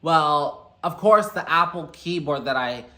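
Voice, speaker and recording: Young man, bright chatty storyteller, echoey room. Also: on the high side. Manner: chatty and animated, quotes people in quick asides. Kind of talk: casual storytime vlog.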